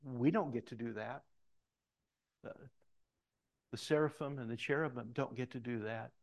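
A middle-aged man preaching a sermon, reading scripture aloud and breaking off into animated asides, loud for quoted lines and hushed for comments. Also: medium pitch, normal speed, creaky. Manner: animated, swings between loud emphatic reading and quiet asides. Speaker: pastor.

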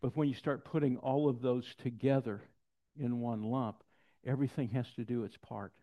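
A pastor preaching a sermon, telling stories with lively quoted voices and dropping to soft, intense passages. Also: male voice, medium pitch, moderate pace. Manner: storytelling, animated quotes, drops to soft intensity. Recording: dull lo-fi sound.

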